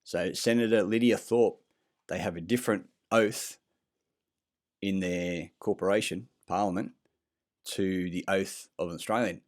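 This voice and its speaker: A deep-voiced man rambles through a self-recorded vlog, circling back on himself with fillers and false starts. He is blunt and swears freely. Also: steady tone, measured pace. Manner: rambling, meandering, frequent fillers and restarts; blunt and profane. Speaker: vlogger. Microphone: self-recorded clip.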